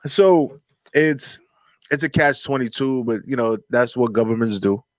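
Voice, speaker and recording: A man's voice: medium pitch, unhurried, no echo. A man hosting a casual radio talk show, laid-back and preachy, full of street slang.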